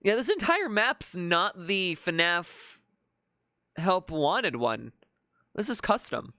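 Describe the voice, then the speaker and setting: Bright, lively-voiced streamer thinking aloud. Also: medium pitch, slow, dry recording, studio quality. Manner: thinking aloud, with frequent stammered restarts. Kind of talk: casual live-stream commentary.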